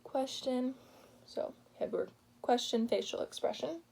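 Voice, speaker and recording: A young woman walks through her class project in a slow, easy delivery, leaning on "like" and pausing as she explains. The recording has a faint noise underneath. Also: medium pitch, fairly even intonation, vocal fry. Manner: explains plainly, with pauses and filler "like". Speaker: student presenting a project. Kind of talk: informal class presentation.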